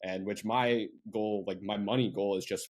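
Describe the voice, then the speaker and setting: A man's voice: on the low side, steady tone, normal speed. A man from central Pennsylvania, a marketing agency owner, chatting casually as a podcast guest with lots of fillers and asides. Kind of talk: casual interview chat.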